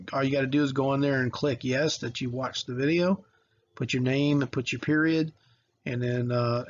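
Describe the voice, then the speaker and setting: A man's voice: mid-range voice, highs cut off. A man teaching a recorded history video lesson in a casual, rambling way with lots of fillers and restarts.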